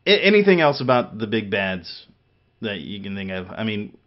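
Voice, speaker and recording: A man's voice: on the low side, very animated, normal speed, lo-fi sound. A man from Missouri co-hosting a casual gaming chat show, rambling with many restarts, fillers and laughs. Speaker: podcast co-host.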